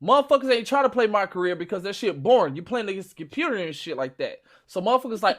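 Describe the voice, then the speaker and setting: A man with a Chicago accent, hosting a stream with loud, profane, boastful trash talk about games. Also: high-pitched, lively intonation, fast talker, hardly any pauses. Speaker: stream host. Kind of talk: casual gaming chat.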